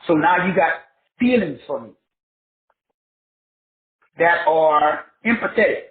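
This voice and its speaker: A man's voice: a little high, expressive, slow, a little hiss or hum. A man teaching in a preachy style, spelling words out letter by letter and answering his own questions with emphatic repetition. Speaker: self-help teacher. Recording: tinny phone-like sound in an echoey room.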